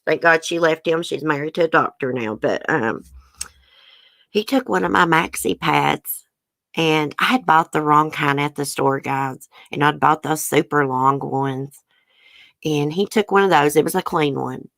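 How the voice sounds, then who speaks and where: A woman's voice: low voice, unhurried, creaky, fairly bright tone, dry recording. A woman speaking candidly to her viewers as a channel host, emotional and close to tears, with frequent ums. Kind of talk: casual personal talk to viewers.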